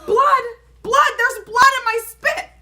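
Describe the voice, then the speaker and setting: A woman voicing a loud, excitable first-grade girl who shrieks and carries on dramatically. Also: sits high, moderate pace, noisy background, pitched above the performer's own voice. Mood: shrieking panic.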